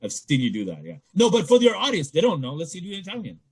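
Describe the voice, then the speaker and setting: A man's voice: high-pitched, huge pitch swings, racing, slightly rough. A man in a casual joking chat, teasing the others and laughing easily. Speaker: podcast co-host.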